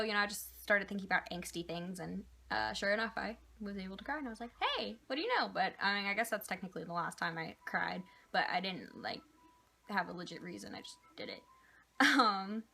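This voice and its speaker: A woman's voice: mid-range voice, vocal fry, bright, forceful tone. A young woman vlogger answering viewer questions in a casual, rambling chat, with lots of "like" and "um" fillers. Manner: chatty, rambling, with many "like" and "um" fillers.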